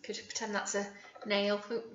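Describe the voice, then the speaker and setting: A woman teacher with a British accent leading a young children's phonics lesson, modelling words slowly and encouragingly. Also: mid-range voice, little pitch movement, very noisy. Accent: British English. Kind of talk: early years phonics lesson. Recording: echoey room, dull lo-fi sound.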